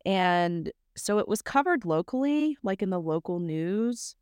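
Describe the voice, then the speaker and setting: A woman's voice: mid-range voice, animated, unhurried, a little mellow, clean tone, dry recording, clean studio sound. A young woman from South Mississippi co-hosting a true crime podcast, blunt and joking with frequent swearing. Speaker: podcast co-host. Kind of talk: casual true crime chat.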